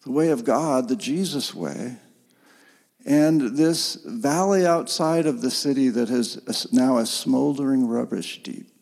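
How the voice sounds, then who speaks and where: A man preaching a sermon in an earnest, gently emphatic way, heard in a church sanctuary. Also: medium pitch, a little slow, creaky, big-room sound. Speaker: pastor.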